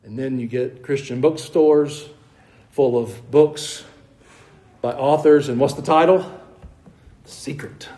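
A man's voice: medium pitch, a little slow, mellow, low-quality recording. A man preaching a conversational sermon in a church, asking his congregation questions and putting on mock voices with wry asides. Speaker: pastor. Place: church sanctuary.

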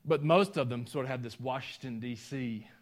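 Folksy Southern pastor from Georgia. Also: male voice, medium pitch, moderate pace. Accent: Southern US (Georgia, some Tennessee). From Georgia, USA. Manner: folksy, self-deprecating, chuckling asides. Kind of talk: sermon with personal stories.

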